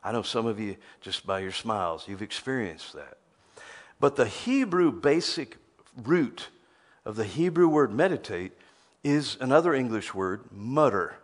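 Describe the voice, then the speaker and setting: A man's voice: mid-range voice, very animated, measured pace. Emphatic preacher man. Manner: emphatic, repeats words when starting phrases. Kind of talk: sermon.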